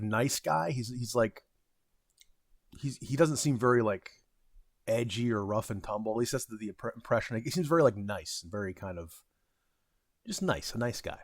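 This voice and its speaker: A man's voice: medium pitch, animated, moderate pace, long pauses, no echo, clean studio sound. A man in his thirties casually telling a rambling, self-deprecating story about his retail job, with frequent fillers and restarts. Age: 30s. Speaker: vlogger.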